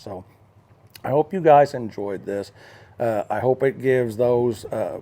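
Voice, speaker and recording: An older American man with a low, dark-toned voice tells a story in a casual talking-head vlog. He rambles, leaning on fillers and frequent restarts.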